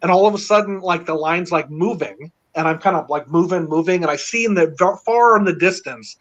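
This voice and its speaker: A middle-aged man telling a long story in casual chat, rambling and excited, with many fillers. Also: high-pitched, brisk. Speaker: panel guest. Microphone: video call. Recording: dull lo-fi online call audio.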